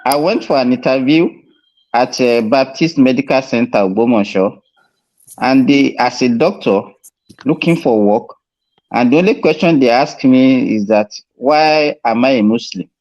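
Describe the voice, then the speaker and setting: A man's voice: medium pitch, normal speed, a little mellow, highs cut off. A man, a doctor, telling a personal story in an online debate.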